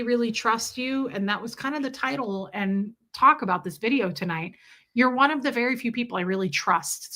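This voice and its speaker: A woman with a fairly high, sharp-toned voice hosts a livestream, chatting casually and answering viewers' comments one at a time with warmth and affection.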